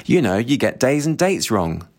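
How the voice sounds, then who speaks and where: A man's voice: mid-range voice, sing-song, normal speed, a little mellow. A man reading the lines of an impatient, domineering man who dismisses others during a book discussion. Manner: curt, brushing aside.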